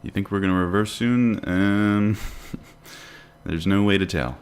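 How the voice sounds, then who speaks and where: A man's voice: on the low side, takes it slowly, clean tone. A man hosting a live day trading stream, chatting casually and answering viewer questions while he watches the charts. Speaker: day trading livestream host.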